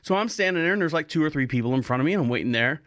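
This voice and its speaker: A man's voice: on the high side, lively intonation, very fast, a bit bright, no echo, studio quality. A man hosting a podcast, telling a rambling, jokey story in a casual monologue. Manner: rambling, jokey, self-mocking. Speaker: podcast host.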